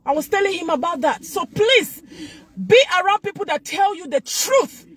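A woman preacher delivers a fervent sermon in a very high voice. She exhorts her listeners and repeats her lines for emphasis. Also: animated, moderate pace.

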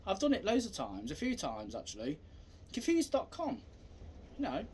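A man's voice: sits high, huge pitch swings, normal speed, darkish tone, slight background noise. A man, a self-defence instructor, talking casually through a demonstration in a rambling, repetitive way.

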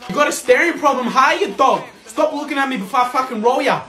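A man's voice: extremely high pitch, animated, fast, sharp tone, roomy sound. A young man with an Australian accent, playing a taunting, slangy tough in a comedy sketch.

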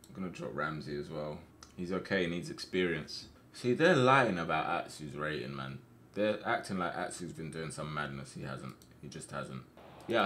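A young man commentating on his football management game, getting excited and shouting at his players on screen. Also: deep voice, a little hiss or hum. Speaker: gaming streamer.

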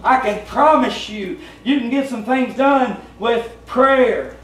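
High-voiced Southern pastor preaching. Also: male voice, takes it slowly, a bit bright. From Tennessee. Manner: plainspoken, folksy, conversational preaching. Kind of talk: sermon. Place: church sanctuary. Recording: roomy church sound from a distant mic, faint hum.

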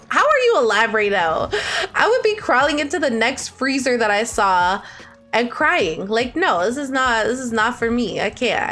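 A woman's voice: fairly high pitch, fairly bright tone. A woman in her twenties, a streamer chatting casually with her live viewers, bubbly and laughing often.

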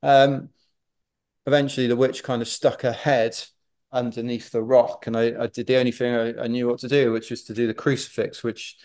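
A middle-aged man, a podcast guest, telling a running anecdote with animated self-deprecating humour. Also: medium pitch, a little fast. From Wales. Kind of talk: anecdotal storytelling.

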